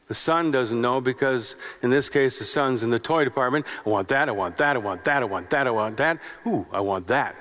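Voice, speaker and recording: A male pastor with a smooth, mid-range voice that's a bit bright preaches a sermon built on short, repeated phrases and rhetorical questions. The church sanctuary gives the recording a long reverb.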